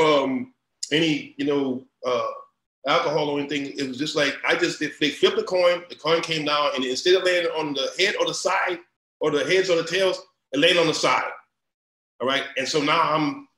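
On the high side and fairly bright, this voice belongs to a middle-aged recruiting company founder from Louisiana with a Southern accent. As an interview guest, he tells casual stories full of restarts and acted-out quotes, heard in a room with noticeable echo.

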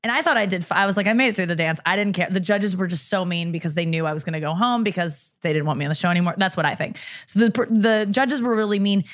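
A woman's voice: on the low side, fast talker, hardly any pauses. A young woman comedian, a guest on a podcast, chatting candidly and laughing often. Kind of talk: casual chat.

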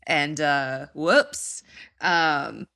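A woman with a low-pitched voice that still sounds bright and forceful. She chats casually as a podcast guest and laughs often. She drifts off mid-sentence and circles back. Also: extremely slow. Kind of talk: casual chat.

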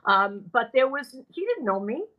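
An older woman broadcaster telling animated stories from her career in an interview, often quoting other people. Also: fairly high pitch, normal speed, muffled recording. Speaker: guest broadcaster. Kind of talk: storytelling in a podcast interview.

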